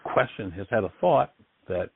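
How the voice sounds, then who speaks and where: A man's voice: lowish voice, lively intonation, normal speed, vocal fry, a little hiss or hum. A man hosting a call-in radio show, talking in an earnest, encouraging and reflective way. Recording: dry, tinny phone-like line.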